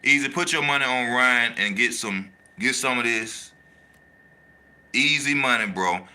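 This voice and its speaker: Boxing channel host, man, very bright tense voice, animated slangy delivery that hammers each point home. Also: mid-range voice, a little slow. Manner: animated, slangy, repeats his points for emphasis. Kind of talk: casual boxing talk, reading live chat.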